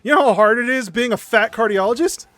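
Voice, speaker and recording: A man quoting a blunt male cardiologist, speaking fast and offhand. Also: extremely high pitch, a bit bright, no echo, studio quality, pitched above the performer's own voice.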